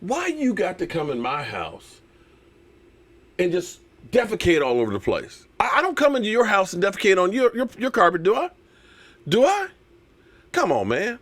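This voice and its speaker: A man hosting a live fan stream, ranting in an animated, sarcastic way with lots of repeated phrases. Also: sits high. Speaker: sports channel host.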